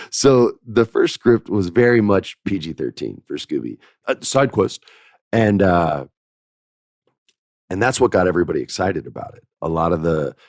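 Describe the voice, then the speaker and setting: A middle-aged man hosting a podcast, casually telling a lively anecdote and acting out quoted dialogue with laughs. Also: deep voice, no room sound, studio quality. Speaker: podcast host. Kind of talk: casual storytelling.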